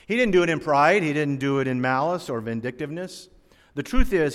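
A man in his sixties, from North Carolina, preaching a sermon with stories, swinging between emphatic rises and quiet drops. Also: medium pitch. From North Carolina, USA. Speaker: pastor. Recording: long hall reverb.

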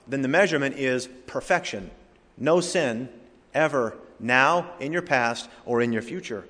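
A man's voice: fairly high pitch, a bit bright. A male pastor preaching an emphatic sermon, speaking directly to his congregation. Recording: reverberant hall.

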